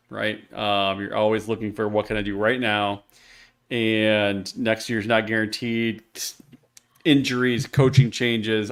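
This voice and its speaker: A man co-hosting a podcast in casual chat, joking and speeding up when he gets going. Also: fairly low pitch. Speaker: podcast co-host.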